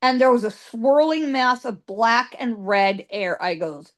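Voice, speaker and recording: A woman's voice: a little high, animated, a little slow, few pauses. A woman guest psychic telling ghost stories in an interview, emphatic, piling up repeated words for stress.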